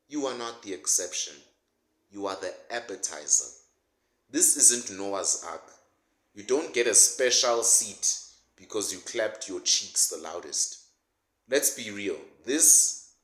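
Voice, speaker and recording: A man's voice: on the low side, very animated, slow pace, pauses often, fairly bright tone. A man delivering a sarcastic, mocking comedic rant as a political commentator, laughing at his own jokes. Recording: roomy echo.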